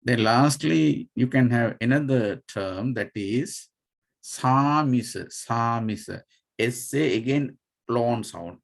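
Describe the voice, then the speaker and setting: Slow, gravelly Sri monk teaching. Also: male voice, mid-range voice. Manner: patient, spells out terms letter by letter, many fillers. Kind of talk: slow dharma class lecture.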